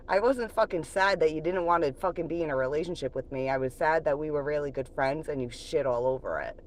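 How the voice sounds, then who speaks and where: A woman's voice: deep voice, moderate pace. A woman hosting a livestream, venting bluntly and profanely about an ex and often laughing. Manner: reflective when talking about moving on. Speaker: livestream host. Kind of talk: casual live-stream venting.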